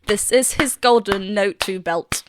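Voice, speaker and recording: A woman's voice: medium pitch, measured pace, background noise. A woman vocal coach chatting enthusiastically as she reacts to a song and explains singing technique. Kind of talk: casual reaction and vocal analysis.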